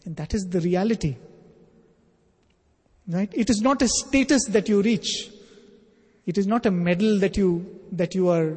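Male spiritual teacher, earnest sermon, fairly high, mellow and husky, long hall echo. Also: a little slow, pauses often. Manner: earnest, emphatic, builds phrases in lists. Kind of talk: sermon with storytelling.

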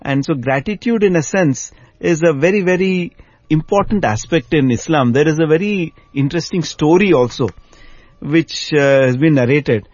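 A man speaking in a measured, thoughtful way in a conversation, explaining a spiritual idea. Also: on the high side, darkish tone, no room sound, muffled recording. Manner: measured, thoughtful, frequent murmured agreement. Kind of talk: reflective conversation.

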